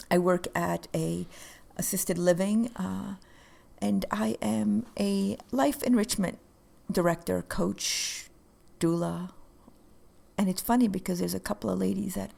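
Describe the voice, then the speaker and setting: A woman's voice: mid-range voice, vocal fry, a little mellow. A woman co-hosting a podcast, talking in an earnest, encouraging coaching way. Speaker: podcast co-host. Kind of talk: casual chat.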